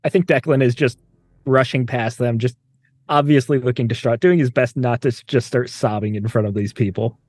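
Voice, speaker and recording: A man's voice: mid-range voice, steady tone, fairly quick, darkish tone. A man playing a tabletop game, hesitant and checking details before he acts. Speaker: player.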